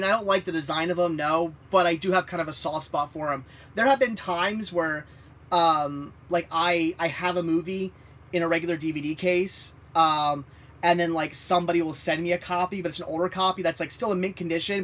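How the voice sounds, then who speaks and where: A man co-hosting a movie live stream, chatting casually and enthusiastically, quick to laugh. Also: high voice, a bit bright. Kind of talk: casual chat.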